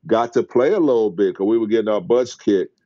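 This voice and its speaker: A middle-aged man telling stories as a podcast guest, acting out quotes excitedly. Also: a little fast, no echo, dull audio. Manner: excited storyteller who acts out quotes in a high voice. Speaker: guest, former basketball player. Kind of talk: animated storytelling in a podcast interview.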